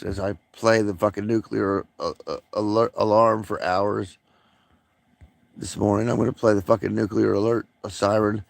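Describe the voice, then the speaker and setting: A man's voice: on the low side, creaky, no echo. A man rambling profanely during a late-night livestream, with many fillers, smoking and coughing.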